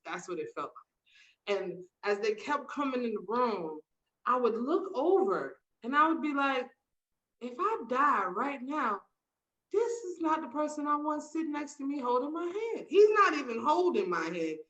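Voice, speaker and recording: A woman's voice: high-pitched, big pitch swings, normal speed, a bit bright, muffled recording. A woman co-hosting a casual podcast chat, telling personal stories with emphasis and acting out what people said. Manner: emphatic storytelling, acting out quotes. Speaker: podcast co-host.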